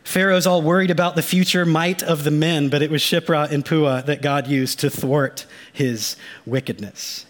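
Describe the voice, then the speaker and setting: A man with a high, bright speaking voice delivers a sermon from the pulpit. He preaches emphatically and with a lot of life, slipping casual slang into the teaching, then turns hushed and grave for the darker passages. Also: fairly even intonation, normal speed, few pauses. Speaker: pastor.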